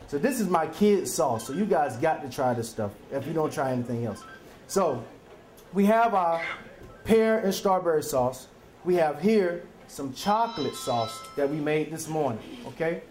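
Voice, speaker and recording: A man's voice: on the high side, animated, moderate pace, a little mellow, roomy sound, soft background music. A man teaching a live cooking demonstration in a chatty, folksy way, often checking in with his audience. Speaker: culinary teacher.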